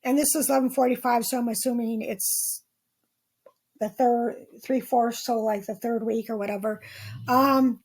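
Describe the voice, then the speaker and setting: High-voiced woman rambling through dream notes. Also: fairly even intonation, normal speed, a little mellow. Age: not 27. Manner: rambling, with many ums and restarts. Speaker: podcast host. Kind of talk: casual dream-journal monologue.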